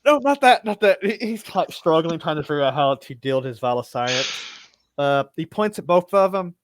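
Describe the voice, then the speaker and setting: A man's voice: on the high side, lively intonation, moderate pace, dry recording. A man narrating as game master of a tabletop game, stumbling and restarting as he laughs through the scene.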